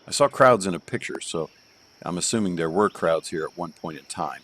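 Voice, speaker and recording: Low-voiced man rambling through game commentary. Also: expressive, fairly quick, fairly bright tone, a little hiss or hum. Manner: rambling, joking, thinks aloud with fillers. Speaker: streamer reviewing user-made golf courses. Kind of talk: casual live game commentary. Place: home.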